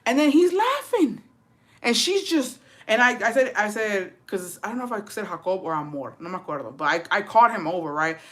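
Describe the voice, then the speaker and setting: A woman hosting her own livestream and telling a story in a brash, profane, sassy way, talking straight to her viewers. Her voice sits a little low yet sounds sharp and bright. She drops Spanish phrases into her English. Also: lively intonation, quick pace, few pauses. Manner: brash, profane and sassy, calling listeners "bitch" and "besties". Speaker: livestream host.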